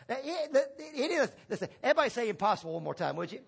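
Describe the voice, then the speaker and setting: High-voiced animated male preacher. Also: racing, creaky, hardly any pauses, breathy edge. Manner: emphatic call-and-response preaching with repeated phrases; folksy humor. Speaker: pastor. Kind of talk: sermon. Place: church sanctuary.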